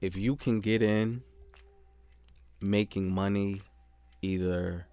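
Blunt, indignant man with a low voice. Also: steady tone, slow, mellow, smooth. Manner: blunt and indignant, swears for emphasis. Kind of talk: casual chat.

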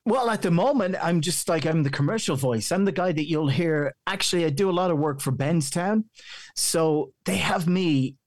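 A man's voice: a little high, normal speed, dry recording, studio quality. A talkative Irish man who works in radio and voice-over, chatting freely as an interview guest. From Ireland. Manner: chatty, rambling, animated. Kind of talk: conversational interview.

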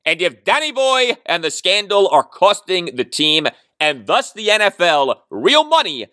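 A man hosting a sports podcast, talking solo with emphatic, animated delivery and sardonic asides. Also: high voice, measured pace, dry recording, studio quality. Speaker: podcast host. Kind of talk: sports talk podcast monologue.

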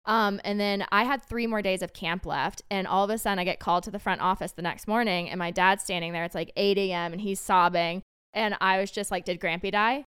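A young woman talks in a relaxed, casual way, piling on little fillers as she tells a story. Her voice is strikingly smooth and clean. The sound is dry and close to the mic. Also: mid-range voice, brisk, dry recording. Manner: chatty, lots of fillers, laughs easily. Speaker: podcast guest.

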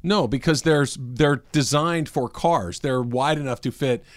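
A man's voice: medium pitch, unhurried, no room sound, studio quality. A man co-hosting a casual sports radio show, reading listener questions aloud and laughing often. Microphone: studio microphone with headphones.

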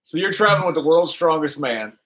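A laughing interviewer with a higher voice. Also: male voice, lively intonation, brisk, fairly bright tone. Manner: laughs easily, asks leading questions. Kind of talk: casual interview.

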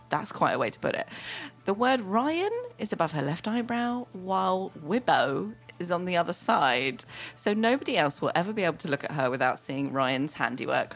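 A woman hosting a radio show, chatting with her guest in a playful way. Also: on the low side. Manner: lively, playful, quick to laugh along. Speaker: radio host. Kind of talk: casual radio chat.

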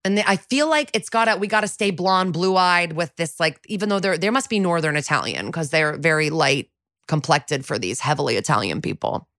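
A woman's voice: deep voice, expressive, fairly bright tone, no echo, clean studio sound. A woman co-hosting a podcast, recapping a TV episode in a chatty, filler-heavy way and acting out the characters' lines. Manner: chatty, rapid recap with many fillers and voiced quotes. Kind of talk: casual chat.

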